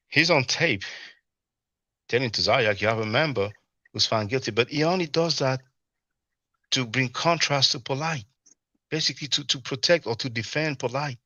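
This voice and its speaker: A man's voice: mid-range voice, pushed and bright, dry recording. A man with a French accent hosting a casual livestream discussion, rambling and constantly tagging "you know what I'm saying". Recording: dry, slightly dull stream audio.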